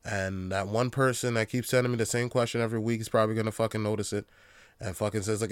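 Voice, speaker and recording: A man's voice: on the low side, level tone, quick pace, clear, resonant tone, no room sound, clean studio sound. A man hosting a podcast on his own, ranting in a casual, profane, rambling way that often turns heated. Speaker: podcast host. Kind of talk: casual solo podcast rant.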